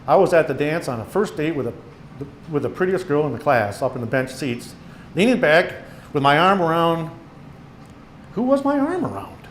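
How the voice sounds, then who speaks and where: A man's voice: fairly high pitch, brisk, slight background noise. A man in his sixties, an author reading his memoir stories aloud to an audience in a meeting room, bringing the quoted lines to life as he goes. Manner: storytelling with animated quoted voices. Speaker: author giving a presentation.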